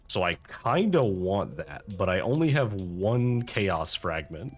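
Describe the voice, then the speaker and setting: A man's voice: deep voice, big pitch swings, measured pace, faint music behind. A man casually commenting as he plays a video game, thinking aloud through his choices with wry asides. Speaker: let's-play host.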